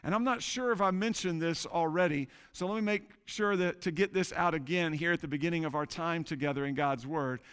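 A man with a high, smooth voice preaches a sermon to his congregation. He drives his points home through repetition and asks the room to say the lines back with him. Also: a little fast, hardly any pauses, a bit bright. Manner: emphatic repetition, call-and-response with congregation. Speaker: pastor.

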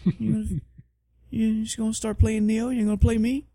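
A man's voice: high voice, flat delivery, moderate pace, warm tone, dry recording, pitched above the performer's own voice. A man voicing his neglected video game as a jealous, guilt-tripping speaker. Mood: sulking reproach. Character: jilted video game, sulky needy voice.

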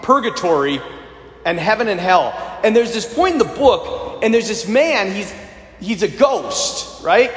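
Lively male pastor, high voice, echoing hall. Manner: animated, conversational, addresses crowd as you guys. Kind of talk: sermon. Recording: echoey hall reverb.

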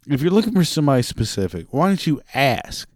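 A man's voice: medium pitch, very animated, fairly quick, no echo, studio quality. A man who works a parts counter, ranting profanely about customer service calls and mimicking the callers. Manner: drinks beer while talking. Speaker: parts department worker. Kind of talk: ranting monologue.

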